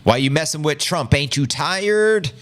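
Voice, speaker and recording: A man's voice: on the high side, expressive, unhurried, over music. A man hosting a crypto news show, giving exasperated, incredulous live reaction commentary in a rambling way.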